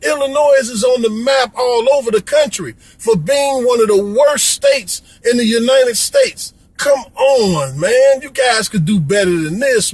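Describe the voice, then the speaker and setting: Middle-aged man from Chicago, high husky voice, preachy, pleading vlog rant. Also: no room sound, poor audio. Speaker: vlogger. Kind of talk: impassioned rant to camera. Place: Florida.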